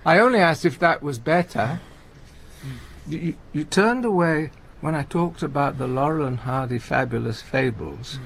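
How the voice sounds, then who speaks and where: A stammering, anxious old comedian. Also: male voice, on the high side, lively intonation, gravelly, husky, exaggerated voice. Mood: pleading. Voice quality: stammering, halting restarts. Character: aging male comedian, gentle, anxious, talkative. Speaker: visiting friend and comedy partner. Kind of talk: radio play acting.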